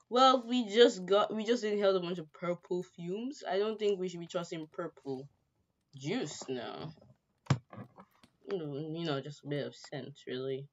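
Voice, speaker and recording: A woman's voice: on the low side, measured pace, muffled recording. A woman reading a visual novel aloud as she plays it, breaking off for playful asides. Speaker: gamer.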